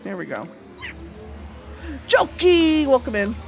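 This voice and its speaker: Woman, game streamer, excitable, giggly, unhurried talk, game music behind. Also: high voice, gravelly. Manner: excitable, giggly, greets chat. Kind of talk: live game stream chatter.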